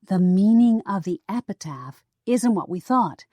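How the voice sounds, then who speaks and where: A woman voicing an earnest, impatient young woman sleuth in an audiobook, slow and dry. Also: medium pitch, animated, mellow, no echo, voice pushed up. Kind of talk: audiobook character voice.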